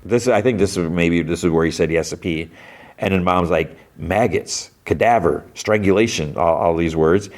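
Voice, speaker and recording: A man's voice: deep voice, steady tone, a little fast, a little mellow. A man hosting a podcast, retelling an episode in a rambling, casual way, full of "like" and "you know". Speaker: podcast host.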